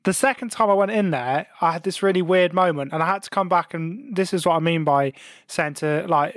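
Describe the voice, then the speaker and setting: A man with a notably high voice tells a story on a casual podcast. He is animated and laughs through his words, and he swears freely. The sound is close and dry. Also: a little fast, dry recording. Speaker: podcast co-host.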